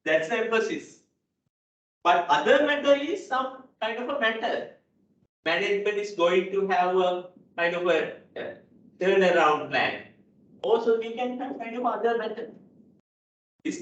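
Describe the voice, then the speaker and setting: In a lecture hall, a man from Sri Lanka teaches an accounting class, going over key points again and asking "right?" to check in. He sounds high-pitched, animated, and fairly bright, speaking at normal speed. The recording is distant, dull, and echoey.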